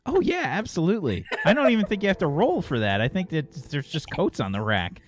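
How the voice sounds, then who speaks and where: A man's voice: fairly high pitch, wildly swooping pitch, brisk. A man as game master of a tabletop role-play, talking in an easygoing, laughing way with many fillers.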